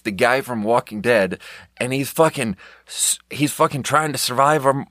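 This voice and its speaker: A man's voice: mid-range voice, fairly bright tone, no echo, clean studio sound. A young man from Europe, a podcast host, rambling sarcastically in an unscripted rant and swearing often.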